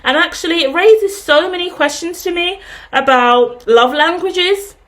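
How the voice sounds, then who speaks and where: A woman's voice: very high-pitched, measured pace, fairly bright tone. Rambling woman reading tarot. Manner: rambling, casual swearing, laughs at own tangents. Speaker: tarot reader.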